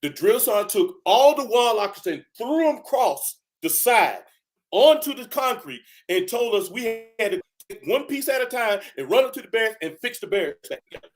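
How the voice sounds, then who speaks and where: A man's voice: sits high, normal speed, soft background music. An older man, a retired army first sergeant, telling stories from basic training in a loose, conversational way on a video call. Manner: lively, animated, acts out the people in his stories. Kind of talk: casual storytelling.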